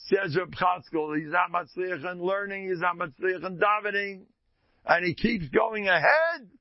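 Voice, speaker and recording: A man's voice: sits high, a little slow, no room sound. A man giving an emphatic Torah sermon as a rabbi, retelling stories and repeating key lines for weight. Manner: emphatic, repetitive storytelling. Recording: dull lo-fi recording.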